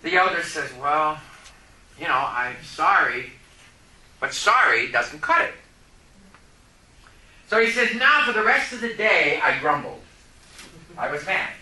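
A man preaching a sermon, telling a story and rising to loud, impassioned outbursts. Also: a little high, lively intonation, slow, long pauses. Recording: echoey room.

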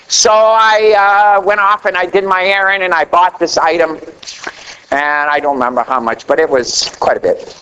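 A middle-aged man preaching a sermon, telling a story with animated delivery that swings between loud emphasis and quiet asides. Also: normal speed, clean tone, low-quality recording. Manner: animated storytelling preacher, rising to a near shout then dropping low.

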